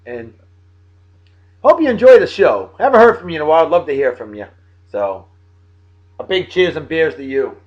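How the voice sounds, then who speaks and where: Lively, high-voiced man giving chatty shout-outs. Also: normal speed, pauses often, highs cut off. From Massachusetts. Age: late 30s. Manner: chatty, playful, hearty. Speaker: video blog host. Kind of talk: casual birthday shout-outs to camera.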